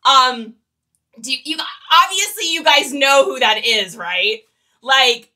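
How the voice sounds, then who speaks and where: A chatty, giggly woman leads a casual livestream tutorial and talks straight to her viewers. Her voice is high and bright. She sits a little back from the microphone. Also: slow pace, far from the mic. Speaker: online reseller teaching on a livestream.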